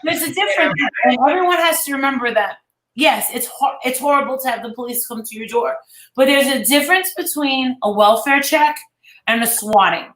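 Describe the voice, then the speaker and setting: A woman's voice: sits high, fairly quick, fairly bright tone. A woman hosting a casual online chat, rambling and swearing freely as she retells what others said. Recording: echoey room.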